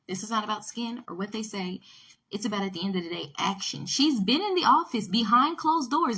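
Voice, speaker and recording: Emphatic bright-voiced woman ranting. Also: mid-range voice, breathy edge. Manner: emphatic, repeats her points. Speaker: video commentator. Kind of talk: opinion vlog rant.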